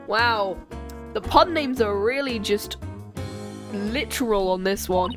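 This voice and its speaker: A woman's voice: medium pitch, takes it slowly, long pauses. A woman streamer casually chatting while playing a game and reading its dialogue aloud. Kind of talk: casual game playthrough commentary. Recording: music playing behind.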